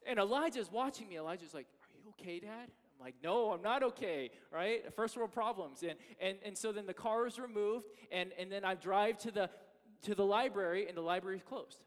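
A man preaching a sermon as pastor, telling a personal story with animated, self-mocking energy. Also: high-pitched, brisk. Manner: animated storytelling, acting out his own frustration. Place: church sanctuary. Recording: long reverb of a church hall.

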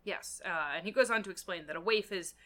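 Woman, bright, crisp tone, casual book-talk co-host, halting and full of ums as she recaps. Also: on the low side. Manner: hesitant, many fillers while recapping. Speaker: podcast co-host discussing a novel.

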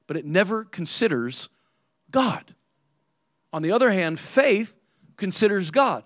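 A man's voice: high-pitched, sing-song, unhurried, pauses often, dry recording, clean studio sound. A man preaching a sermon as pastor in a conversational way, often checking in with "right?".

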